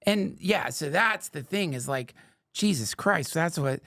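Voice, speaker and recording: Brief: a gravel-voiced father swearing through relaxed podcast stories, dry and close. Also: fairly high pitch, measured pace, dry recording. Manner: profane, storytelling. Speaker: parent. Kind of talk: casual podcast conversation.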